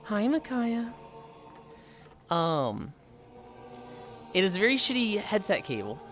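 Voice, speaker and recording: Lively, profane male streamer chatting casually. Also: sits high, slow, faint music behind. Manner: animated, profane storytelling with voiced impressions. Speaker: livestreamer. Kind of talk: casual livestream chat, reading and answering chat.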